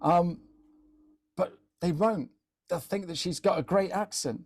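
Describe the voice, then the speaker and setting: A chatty man runs a live training talk on social media content. His voice sits a little higher than most men's. He repeats words as he goes and keeps checking in with "yeah?". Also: unhurried, a little mellow, slightly rough.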